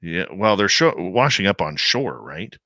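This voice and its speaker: Bright-voiced male talk radio host. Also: low-pitched, big pitch swings, measured pace, no echo, clean studio sound. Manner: upbeat promo delivery, conversational.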